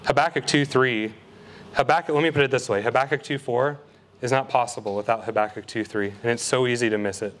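Young male preacher with an earnest, emphatic sermon delivery, average pitch, slows for scripture readings. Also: a bit bright, slight background noise. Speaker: guest preacher. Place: college ministry service.

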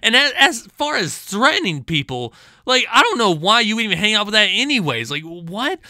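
A man's voice: high voice, very animated, normal speed, bright, forceful tone, no room sound, clean studio sound. Exasperated sarcastic man ranting. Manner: exasperated, sarcastic, stammering restarts. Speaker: channel host. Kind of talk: ranting commentary vlog.

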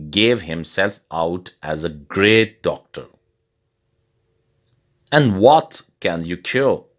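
A man reading a storybook tale aloud as scripted narration for English learners, slow and deliberate. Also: low voice, sharp tone.

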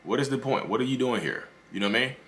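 A man giving casual relationship advice straight to viewers, animated and joking. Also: mid-range voice, very fast.

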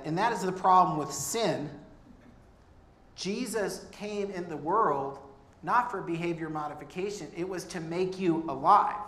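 A man's voice: high-pitched, unhurried, fairly bright tone. A man preaching a sermon as pastor, earnest and conversational, with humorous asides. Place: church. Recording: echoey church room.

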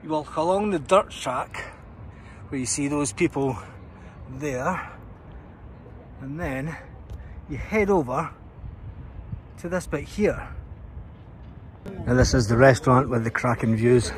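A man's voice: medium pitch, slow pace, pauses often. A Scottish man giving a chatty walking tour of a castle, out of breath from the climb uphill. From Scotland. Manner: chatty, pointing things out while walking uphill. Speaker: travel vlogger. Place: outdoors on a hilltop castle. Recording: outdoor vlog with clear background noise.

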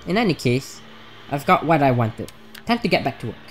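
Low-voiced woman reading a game aloud. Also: very animated, normal speed, faint music behind. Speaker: let's play host. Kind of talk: reading a visual novel aloud.

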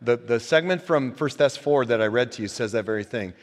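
Animated male pastor preaching in a reverberant church. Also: medium pitch, fairly quick. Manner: animated, preachy, swings from quiet asides to loud emphatic peaks; joking, laughs at own stories. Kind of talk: sermon. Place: church sanctuary.

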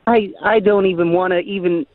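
A man's voice: high-pitched, fairly even intonation, a little fast, crowd noise. A man calling in to a radio show, ranting and hurling insults. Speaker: caller. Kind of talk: call-in rant. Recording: dull phone-in audio.

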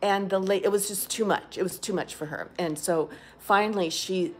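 A woman's voice: lowish voice, normal speed, hardly any pauses. An older woman telling a candid, rambling personal story in a casual video diary, talking from a rehab facility. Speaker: vlogger.

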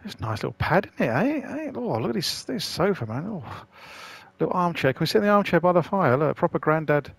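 A man's voice: a little high, expressive, fairly quick, vocal fry. A man casually commenting on a video game he is playing for the first time, chatty and rambling. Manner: chatty, rambling, self-deprecating. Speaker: gaming channel host.

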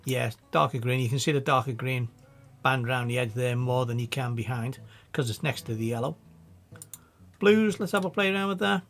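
A man with a Scouse accent giving a casual, chatty software tutorial, thinking aloud as he works. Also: mid-range voice, fairly quick. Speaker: video editing tutor.

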